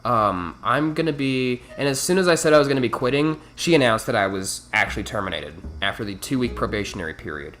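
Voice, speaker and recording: Animated, profane male storyteller. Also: mid-range voice, quick pace, few pauses. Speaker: storytelling vlogger. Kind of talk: storytime monologue.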